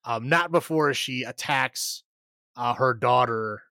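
A man's voice: medium pitch, slow pace, pushed and bright, no echo, studio quality. Rambling, chuckling male podcast host. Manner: rambling, laughing recap with many fillers. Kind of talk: casual movie recap chat.

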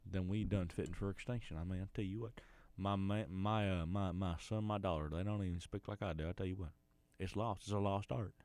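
A man's voice: low voice, steady tone, fairly quick, hardly any pauses, darkish tone, dry recording. A middle-aged man with a Southern US accent, hosting a podcast in a folksy, rambling, mock-earnest comedic monologue. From Arkansas. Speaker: podcast host.

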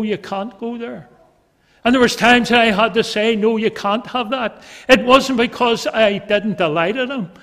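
Middle-aged male preacher, high voice, fervent delivery with swells and drops, echoey church hall reverb. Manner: fervent, rising and dropping in loudness. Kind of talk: sermon.

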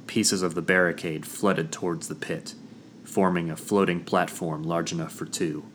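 A man narrating a first-person fantasy audiobook in a measured, dramatic storytelling manner. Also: deep voice, steady tone, fairly bright tone, slight background noise.

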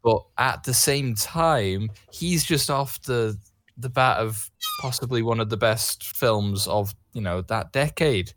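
A man's voice: medium pitch, slow pace, a bit bright, no echo. A man co-hosting a casual podcast, hesitant and full of fillers. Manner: hesitant, filler-heavy, laughs often. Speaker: podcast co-host.

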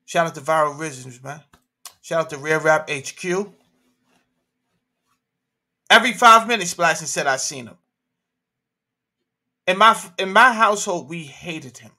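A man holds forth on his livestream, throwing out rhetorical questions and street slang. His voice sits fairly high for a man and comes out hard, bright and pushing. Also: lively intonation, normal speed, long pauses. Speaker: livestream host. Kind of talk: animated opinion talk.

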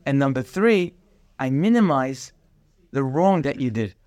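A man's voice: mid-range voice, a little slow, no room sound. A man teaching a daily Torah class, acting out bits of dialogue and mixing in Hebrew terms. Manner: animated, acts out dialogue, mixes in Hebrew terms.

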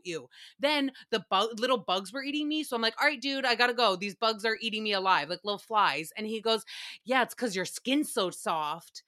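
A young woman hosting a podcast, chatting alone in a casual, profane, animated way as she tells stories and laughs. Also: a little high. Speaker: podcast host. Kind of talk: casual solo recap chat.

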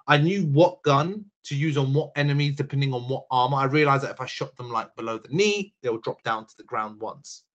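A young man co-hosting a casual gaming podcast, animated and rambling, with the odd swear. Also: medium pitch, fairly quick, few pauses, highs cut off. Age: young adult. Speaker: podcast co-host. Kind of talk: casual chat.

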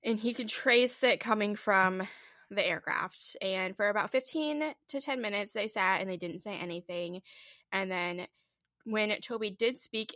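A podcast co-host tells a spooky story loosely and casually, packing it with "like"s and swearing. Her medium-pitched voice has a sharp tone, recorded in studio quality with no echo.

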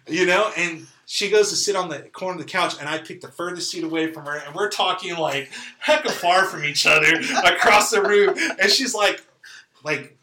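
A man's voice: fairly high pitch, brisk, reverberant. A man from California casually telling a personal story, laughing often and acting out what people said. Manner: animated, laughing, acts out quoted lines. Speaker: guest telling his story.

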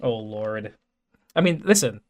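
A man hosting a casual podcast chat, from New York, excitable and quick to swear. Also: fairly low pitch. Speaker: podcast host.

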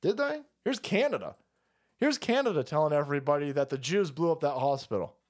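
A man hosts a livestream and rants in a profane, mocking, abrasive way. His voice is fairly high and a little mellow, with lively intonation and a fairly quick pace.

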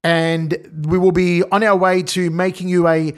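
Male podcast host, high-pitched, enthusiastic promo energy. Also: level tone, a little slow, clean tone. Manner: upbeat, enthusiastic promo delivery. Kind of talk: casual podcast chat. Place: home studio in Melbourne.

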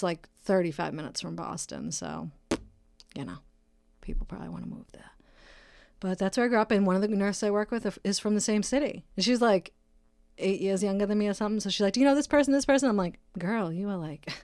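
With a fairly low, darkish voice and some vocal fry, this woman in her thirties or so rambles through her casual solo podcast, joking and swearing. She's a nurse from Brockton, Massachusetts, USA, recorded with clean studio sound and no echo.

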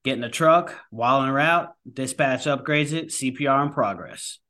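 Bright-voiced firefighter guest. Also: male voice, mid-range voice, moderate pace. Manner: rambling, many fillers and restarts. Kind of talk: casual conversation.

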